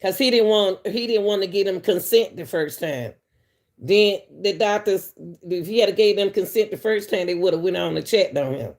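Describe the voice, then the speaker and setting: A woman's voice: mid-range voice, normal speed, darkish tone. A woman hosting an online commentary show, talking straight to her viewers in a chatty way and chuckling between points. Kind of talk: casual commentary.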